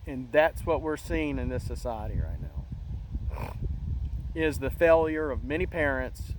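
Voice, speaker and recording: A middle-aged man hosting a casual monologue, talking in an earnest, halting way with many restarts. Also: medium pitch, expressive, background noise. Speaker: channel host.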